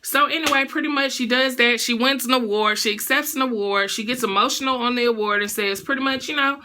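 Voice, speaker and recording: A woman's voice: fairly high pitch, fairly quick, few pauses, pushed and bright. A woman recapping a reality show in a sassy, blunt, slangy gossip style.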